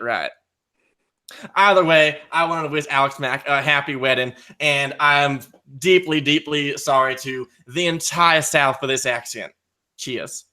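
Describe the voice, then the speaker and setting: Man putting on a cocky, loud trivia-league bro, swaggering, bright-toned. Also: a little high. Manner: swaggering, loud, cheerful trash talk. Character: brash cocky male trivia-wrestling dude persona.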